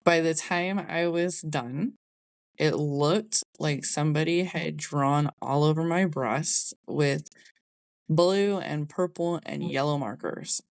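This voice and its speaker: Slow and gravelly, a young adult woman's low-pitched voice carries a candid personal story on the podcast she hosts, Southern "y'all" included. Her conversational delivery is recorded with no room sound.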